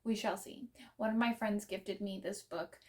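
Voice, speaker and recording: A woman's voice: medium pitch, fairly even intonation, moderate pace. A young woman chatting casually to camera about books she wants to read, playful and self-deprecating. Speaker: book vlogger. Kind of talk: casual to-camera book chat.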